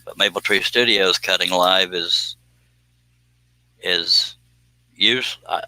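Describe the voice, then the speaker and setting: A man's voice: low voice, slow, pauses often, no echo, rough recording. A man hosting a live stream, chatting casually and rambling while reading viewer comments aloud, sleepy and yawning. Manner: relaxed, rambling, reads chat comments aloud.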